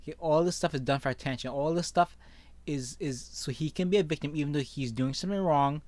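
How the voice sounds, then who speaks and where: A man's voice: fairly high pitch, fast, darkish tone, no room sound. Opinionated man with a dry sound. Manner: opinionated, with frequent "okay?" tags. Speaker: online commentator. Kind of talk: reading and reacting to news stories.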